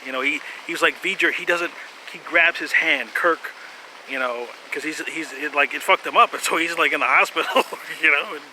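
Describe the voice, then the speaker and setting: Rambling man with a bright voice. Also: on the high side, moderate pace, a little hiss or hum, poor audio. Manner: rambling, laughs often, many fillers and restarts, swears. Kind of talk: rambling casual monologue.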